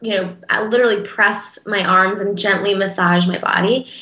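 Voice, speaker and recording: A woman's voice: medium pitch, steady tone, roomy sound, lo-fi sound. A woman interview guest speaking in a casual, earnest and heartfelt way, with frequent fillers. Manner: earnest, heartfelt, talks in quick bursts with fillers.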